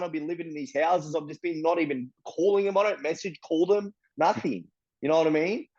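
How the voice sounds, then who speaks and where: A man's voice: fairly high pitch, darkish tone, lo-fi sound. An Australian man telling his story bluntly and candidly, swearing often and filling in with "bro" and "you know what I mean". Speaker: interviewee.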